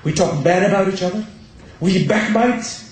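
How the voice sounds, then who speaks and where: A man's voice: high-pitched, moderate pace, a little hiss or hum. A man giving a passionate Muharram sermon, driving his points home with rhetorical questions. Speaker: religious lecturer. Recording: very echoey hall.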